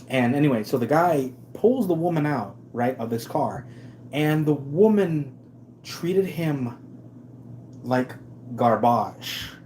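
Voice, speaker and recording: A man's voice: mid-range voice, warm tone, slight background noise. A man hosting a live stream, ranting in a sarcastic, emphatic way with many restarts. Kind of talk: casual ranting commentary.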